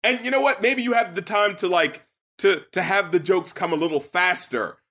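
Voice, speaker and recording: Man, podcast music critic, high bright voice, animated and profane. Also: moderate pace. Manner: animated, laughs often, swears freely. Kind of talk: casual review chat.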